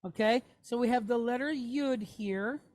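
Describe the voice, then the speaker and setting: A woman's voice: on the high side, unhurried, darkish tone. A woman teaching a classroom lesson, patiently walking through letters and checking in with her students. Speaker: Hebrew teacher.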